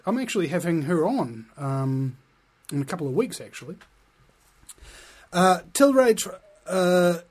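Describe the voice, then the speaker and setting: A man's voice: high voice, darkish tone. Sarcastic New man ranting. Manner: sarcastic, impassioned, laughs at own jokes. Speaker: podcast host. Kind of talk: ranting commentary.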